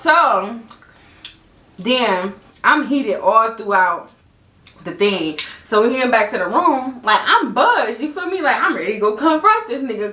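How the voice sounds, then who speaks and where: Animated young woman in an echoey room. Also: moderate pace, far from the mic. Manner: animated, laughing, swings high and low in pitch. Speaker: podcast host. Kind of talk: casual storytime chat.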